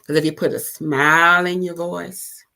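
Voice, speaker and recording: A middle-aged woman hosting an encouraging talk show, speaking gently and pausing with fillers and restarts. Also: lowish voice, fairly even intonation, vocal fry. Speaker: host.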